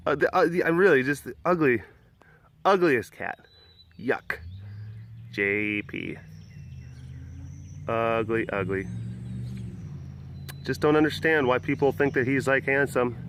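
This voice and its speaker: Slow-talking playful man at a big cat sanctuary. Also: mid-range voice, animated, a bit bright, a little hiss or hum. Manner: playful and teasing, drawn-out talk with baby talk to the cats. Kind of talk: casual vlog talking to the camera and to tigers.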